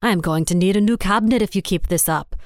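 A woman's voice: medium pitch, quick pace, no echo, clean studio sound, natural voice. A woman reading the part of an impatient male agency boss who snaps and grumbles. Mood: irritated. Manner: snapping, grumbling.

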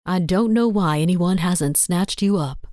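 A woman reading the part of a charming, playful man who flatters with a drawl. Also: fairly low pitch, measured pace, no room sound, clean studio sound, close to an everyday voice. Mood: flirting. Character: charming playful male knife-thrower.

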